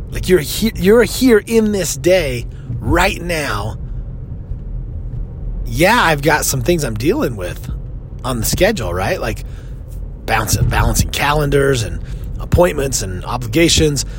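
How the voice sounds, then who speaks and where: Background noise runs under this solo podcast from a life coach in his thirties. Speaking at a medium pitch, he is casual yet earnest and reflective, with pauses and fresh starts.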